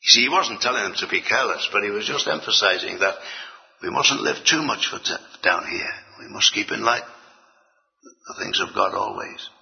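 A man preaching a sermon in an earnest way, swinging between emphatic lines and hushed asides. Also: fairly low pitch, lively intonation, moderate pace, creaky. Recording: dull, long-reverb hall.

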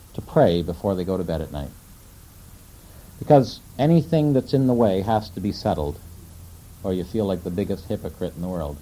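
A man preaching a sermon in a conversational way, asking his listeners questions and slowing down to quote scripture. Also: on the low side, dark tone, poor audio. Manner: conversational, asks the audience questions.

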